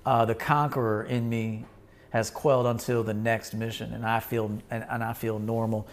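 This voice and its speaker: A man's voice: mid-range voice, level tone, normal speed, slight background noise. A man hosting his own show, talking in a blunt, emphatic monologue, swearing and repeating himself for force. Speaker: podcast host. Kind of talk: casual livestream monologue.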